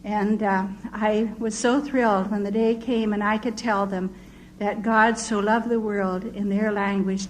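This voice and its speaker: A woman's voice: mid-range voice, little pitch movement, a little slow, muffled recording, a little hiss or hum. An older woman, a missionary, telling her testimony as a vivid story. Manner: vivid storyteller who acts out quoted voices.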